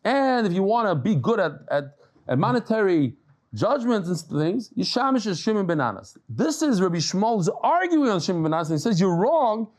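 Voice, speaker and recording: Male Talmud teacher, slightly higher voice, chatty lecture style with jokes and Hebrew and Aramaic terms. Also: brisk. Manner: lively, conversational teaching with jokes and stories. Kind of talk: daily Talmud lesson.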